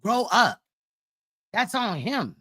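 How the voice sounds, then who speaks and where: Woman streamer, sharp bright tone, profane and blunt, reacting live to a clip. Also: on the high side, very animated, takes it slowly, slightly rough. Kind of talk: casual reaction commentary.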